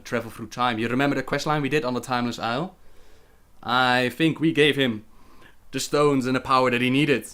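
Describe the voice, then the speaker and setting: A man's voice: mid-range voice, a bit bright. A young man with a Dutch accent, hosting a casual livestream where he reads viewer questions aloud and answers them chattily.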